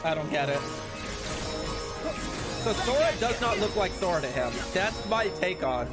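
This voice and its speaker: A male streamer giving chatty, animated commentary on a game, with sudden outbursts. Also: sits high, moderate pace, loud music behind the voice. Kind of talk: casual let's-play commentary.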